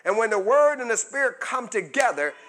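A man preaching a sermon as pastor, drawing call-and-response answers from the congregation and building to fervent shouts. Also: very high voice, big pitch swings, fairly quick.

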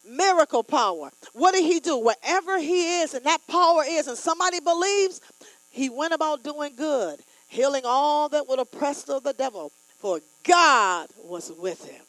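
Woman, preacher, sermon, call-and-response, emphatic, bright tense tone, high voice. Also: dry recording, rough recording. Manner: call-and-response, leads congregation in repeated declarations; emphatic, rising to loud exclamations.

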